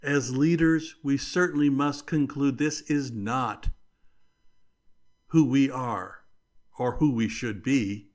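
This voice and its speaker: A man hosting his leadership podcast, speaking in a deliberate, emphatic way with measured pauses. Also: medium pitch, steady tone, darkish tone. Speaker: podcast host. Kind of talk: scripted leadership commentary.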